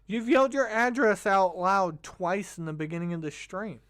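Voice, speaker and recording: A man's voice: high-pitched, normal speed, a bit bright, clear, resonant tone. A man commenting on a streamer's rant, sarcastic and mocking. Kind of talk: reaction commentary.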